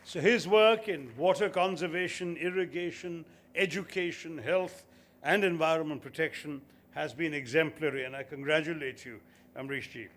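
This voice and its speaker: A man's voice: on the high side, normal speed, a bit bright, a faint crowd. A man in his sixties giving an eloquent, formal convocation speech with emphatic lists. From India. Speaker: convocation speaker.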